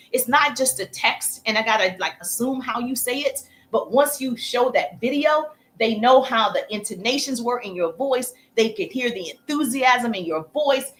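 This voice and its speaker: High-pitched woman teaching social media growth on a live, chatty and upbeat, keeps thanking viewers. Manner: energetic, chatty, thanks viewers mid-talk.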